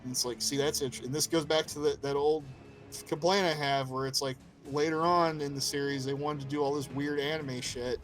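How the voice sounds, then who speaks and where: A man co-hosting a casual podcast about a video game, animated, swearing freely and acting out character quotes. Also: fairly high pitch, a little fast, soft background music, low-quality recording. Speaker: podcast co-host.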